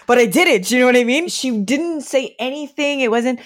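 Animated woman telling stories. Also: on the high side, normal speed. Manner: animated storyteller who acts out quotes, laughs often. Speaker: interview guest. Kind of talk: casual conversation.

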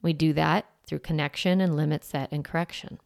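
Gravelly-voiced woman coaching parents. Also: deep voice, brisk, no room sound, studio quality. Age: 40s. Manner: conversational and lively, with playful asides. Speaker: parenting coach and podcast host. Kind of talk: solo podcast monologue.

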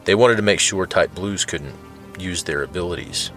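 A cruel, taunting male captor, read by a man with a very deep, low voice. He speaks coldly and mockingly, savoring his threats. Faint music hums underneath. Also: moderate pace, a bit bright. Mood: menacing. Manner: taunting, cold.

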